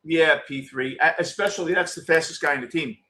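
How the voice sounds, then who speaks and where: A middle-aged man talks casually through a live baseball game for his viewers. His voice sits a little high, and he reacts bluntly and excitably to each pitch, swearing freely as he goes. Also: fairly quick. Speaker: postgame show host.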